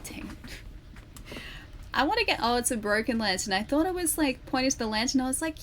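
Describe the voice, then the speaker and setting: A woman's voice: on the high side, animated, moderate pace, a little hiss or hum. Chatty woman streaming a game. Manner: chatty, laughs often, greets chat by name. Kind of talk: casual chat while playing a game.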